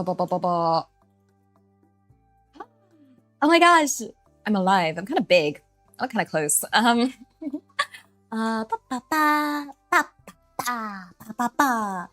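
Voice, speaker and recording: A woman hosting a casual live stream sounds bright and fairly high for a woman, and she giggles and stumbles through restarts while she makes fun of herself. Her voice is dry and close on a desk mic, with faint music running underneath. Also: dry recording. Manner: giggly, scattered, self-deprecating, many restarts. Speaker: streamer, virtual avatar host.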